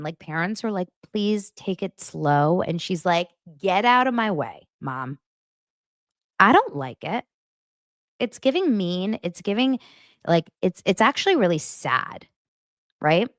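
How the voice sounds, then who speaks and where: A woman's voice: fairly low pitch, very animated, measured pace, dry recording, studio quality. Chatty, gossipy woman podcast host. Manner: chatty and gossipy, heavy use of "like"; blunt and judgmental. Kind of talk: casual reality TV recap.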